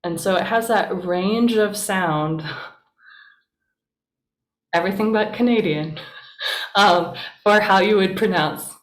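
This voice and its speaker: A woman's voice: medium pitch, slow pace, long pauses. A woman pastor teaching a casual class, chatty and encouraging, with plenty of fillers. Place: church meeting room. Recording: roomy echo.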